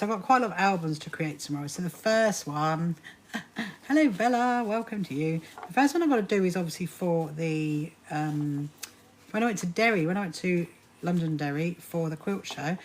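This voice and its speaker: A woman's voice: on the low side, moderate pace, a little hiss or hum. A woman hosting a casual sewing live stream from home, chatting with viewers and laughing often.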